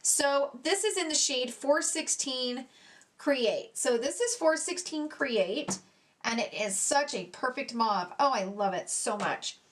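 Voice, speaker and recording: A woman's voice: high-pitched, expressive, slow pace, fairly bright tone. A woman beauty vlogger giving a casual product review, chatty and gushing, swearing casually and poking fun at herself.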